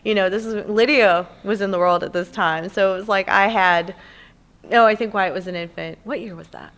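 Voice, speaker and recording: A woman's voice: mid-range voice, moderate pace. A woman in her thirties with a Southern US accent, chatting as a podcast guest and telling long, rambling stories. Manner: rambling, animated storyteller. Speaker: guest, community theatre actor. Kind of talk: casual podcast chat.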